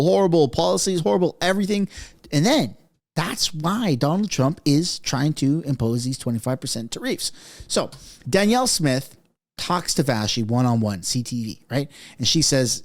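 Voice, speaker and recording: Male host, emphatic mocking rant, voice sits a bit high. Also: animated, moderate pace. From Canada. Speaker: political commentary host. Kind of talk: opinionated commentary vlog.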